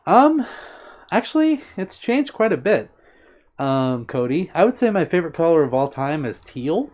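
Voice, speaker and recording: A man's voice: on the high side, very animated, moderate pace. Chatty man on a live stream. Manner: chatty and upbeat, greets viewers by name. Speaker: livestream host reading chat. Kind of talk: casual live-stream chat. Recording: dull lo-fi stream audio.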